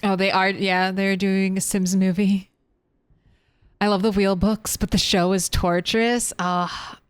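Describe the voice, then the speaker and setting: A young woman talks casually while streaming a game, rambling from topic to topic and swearing freely. Her voice is smooth and clear, and the recording is close and dry with no room echo. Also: mid-range voice. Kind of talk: casual gameplay chat.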